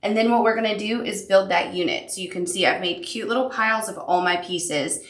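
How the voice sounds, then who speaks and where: A woman's voice: mid-range voice, fairly quick, fairly bright tone, reverberant. A woman teaching a sewing machine appliqué tutorial, upbeat and encouraging as she talks the viewer through each step. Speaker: quilting instructor.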